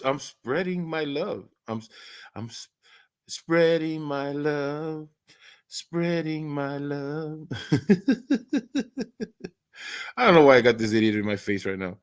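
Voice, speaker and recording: A man's voice: medium pitch, expressive, measured pace, long pauses. A man hosting an early-morning live stream, chatting casually, rambling and stammering through many restarts and laughing often.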